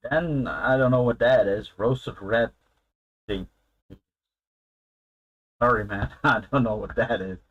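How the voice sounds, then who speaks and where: A man's voice: medium pitch, fairly bright tone, husky, dull audio. A man hosting a casual live stream, chatting loosely and laughing often as he answers his viewers.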